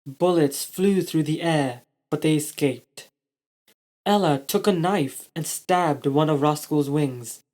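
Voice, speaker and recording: A storyteller reading a child's story aloud in slow, deliberate narration. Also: medium pitch, darkish tone.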